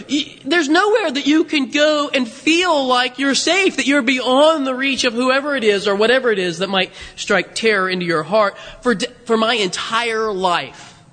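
A bright, high-pitched man in his fifties preaching in an animated, joking way. His voice carries a long hall reverb from the church sanctuary around him. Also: moderate pace. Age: 50s. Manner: animated, jokey preaching with self-deprecating laughs. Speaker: pastor. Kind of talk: sermon.

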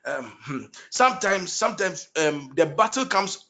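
A man's voice: on the high side, expressive, unhurried, sharp tone. A man leading prophetic prayer, declaring blessings over named people with fervent, repetitive declarations.

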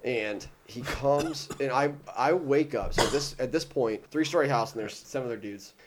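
A young man in his twenties, a podcast host, telling a rambling, swear-filled story and putting on animated voices for the people in it. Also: mid-range voice, normal speed, background noise. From Ohio. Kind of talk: casual storytelling.

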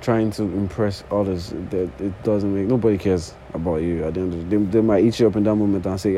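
Fast and with few pauses, a low-pitched, warm male voice rambles casually through an unscripted solo talk, keeping a fairly even intonation. He's a podcast host in his early twenties with a non-native English accent, sitting on the floor, swearing often and repeating false starts. There's a little hiss or hum on what is a rough recording.

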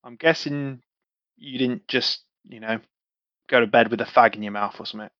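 A man's voice: medium pitch, normal speed, fairly bright tone, no echo. A man playing his character in a tabletop game, with matey, swearing, laid-back banter. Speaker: player. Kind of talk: in-character tabletop role-play. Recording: slightly muffled, dry sound.

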